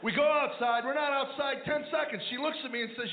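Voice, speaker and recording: A man's voice: very high voice, brisk, roomy sound. A man doing a stand-up routine, telling wry, sarcastic stories about married life. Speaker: stand-up comedian. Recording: tinny phone-like line with noise.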